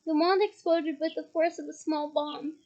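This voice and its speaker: A woman reading a novel aloud in a steady storytelling manner with small restarts. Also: sits high, normal speed, dull audio. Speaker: reader.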